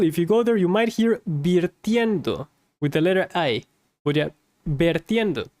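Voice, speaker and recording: A Spanish teacher giving a casual language lesson, repeating each word slowly and adding playful asides. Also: mid-range voice, a little mellow, dry recording, studio quality.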